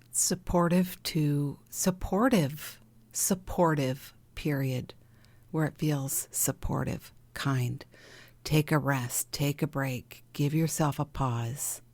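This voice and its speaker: Low, slow, soothing woman healer. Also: dry recording. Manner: gentle, soothing, encouraging, with soft whispered asides. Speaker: podcast host, healing coach. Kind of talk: reflective spiritual talk.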